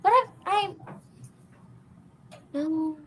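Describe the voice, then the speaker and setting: A woman's voice: very high-pitched, extremely slow, a little mellow. A young woman, a guest cook, chatting casually, laughing often and trailing off unsure. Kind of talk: casual chat. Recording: faint background noise.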